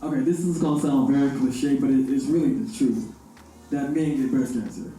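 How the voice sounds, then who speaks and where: A man speaking as a panel guest, earnest and a little halting. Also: medium pitch, dark tone, soft background music. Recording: echoey hall, far from the mic.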